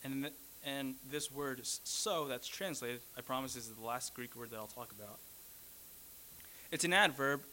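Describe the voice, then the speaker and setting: A man's voice: medium pitch, normal speed, pushed and bright, slight background noise, low-quality recording. A man preaching a sermon, teaching earnestly, repeating key phrases and correcting himself mid-sentence.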